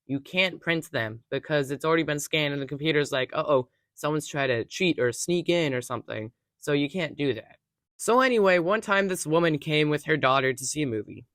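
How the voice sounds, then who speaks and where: A young adult theater worker narrating casual workplace stories in an animated, wry way. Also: medium pitch, no room sound.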